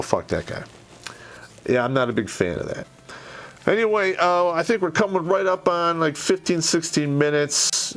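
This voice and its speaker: A man's voice: mid-range voice, fairly bright tone. A middle-aged American man telling old army stories in a casual monologue, blunt and profane, rambling with frequent restarts.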